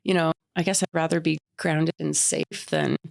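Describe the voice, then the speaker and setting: Canadian woman in her 30s chatting on a podcast, lowish voice, dry close sound, laughs a lot. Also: fairly even intonation, normal speed, gravelly, dry recording. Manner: chatty storyteller, laughs often. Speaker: podcast co-host. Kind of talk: casual chat.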